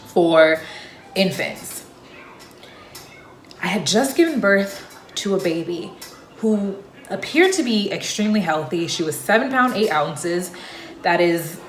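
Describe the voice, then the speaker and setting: A woman's voice: lowish voice, a little hiss or hum. Chatty young woman vlogger, echoey room. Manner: chatty, loose, with frequent fillers. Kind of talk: casual personal storytelling to camera.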